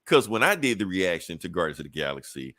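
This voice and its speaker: A man hosting a podcast in casual chat, profane and animated, laughing often and jumping high in pitch when worked up. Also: fast, dry recording, clean studio sound. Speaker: podcast host.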